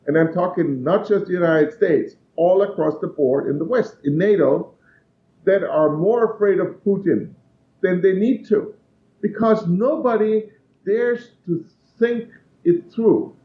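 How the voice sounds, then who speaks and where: A man's voice: sits high, unhurried, slight background noise. A man giving blunt, emphatic answers as a guest in a political interview. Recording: dull, echoey remote line.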